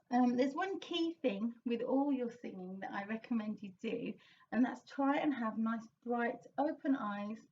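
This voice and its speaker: A woman's voice: a little high, a little mellow, far from the mic, highs cut off, a little hiss or hum. A woman vocal coach giving an encouraging singing lesson, explaining technique and sometimes singing short demonstration lines.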